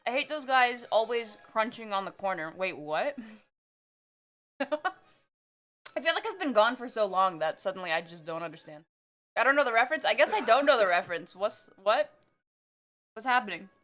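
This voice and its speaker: A woman streaming live, chatting casually with viewers and reading their messages, excitable and laughing often while she eats. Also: on the high side, normal speed, pauses often.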